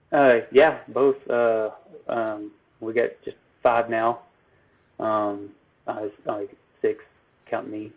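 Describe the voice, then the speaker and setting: A man, an electrical business owner, answering interview questions in a halting way full of ums and restarts. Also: on the low side, fairly even intonation. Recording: phone-like narrow line.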